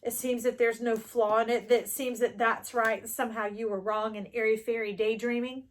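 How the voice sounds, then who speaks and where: Animated woman giving a tarot reading. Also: a little fast. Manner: animated, spiritual, chatty, jumps into excited highs. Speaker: tarot reader. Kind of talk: casual tarot reading to viewers.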